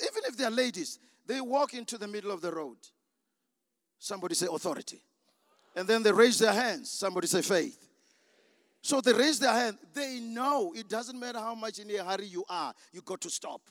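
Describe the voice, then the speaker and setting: A man preaching a sermon, emphatic and shouting, calling for the congregation's responses in a church. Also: high voice, expressive, a little fast, no room sound, studio quality, big-room sound.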